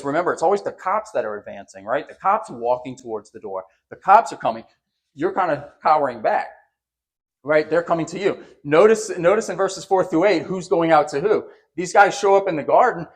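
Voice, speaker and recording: Animated preaching man, slightly high voice. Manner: animated preaching, acting out quotes with raised voice; repeats words and restarts. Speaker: pastor. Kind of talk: sermon.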